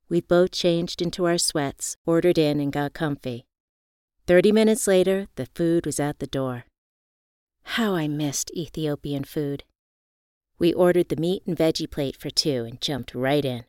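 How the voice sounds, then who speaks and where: A woman reading a first-person audiobook aloud, with reflective, expressive storytelling. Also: sits low, normal speed, clean tone, no echo, clean studio sound. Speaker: audiobook narrator.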